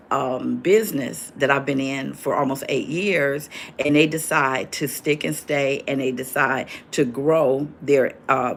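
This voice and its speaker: A woman's voice: a bass voice, slight background noise. Chatty older woman hosting a livestream. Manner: chatty, reads and answers viewer comments aloud. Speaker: livestream host. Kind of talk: casual livestream chat.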